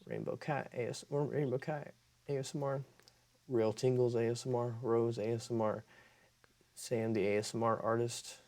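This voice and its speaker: A man's voice: medium pitch, little pitch movement, moderate pace, darkish tone. A man who makes ASMR videos, talking casually to camera and often stopping to correct himself as he reads through a list. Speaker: ASMR creator.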